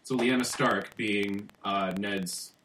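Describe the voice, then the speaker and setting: A man co-hosting a podcast who explains things haltingly, often pausing to search for words. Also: on the low side, steady tone, a bit bright. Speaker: podcast co-host. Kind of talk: casual chat. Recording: echoey room, mic at a distance, faint hiss.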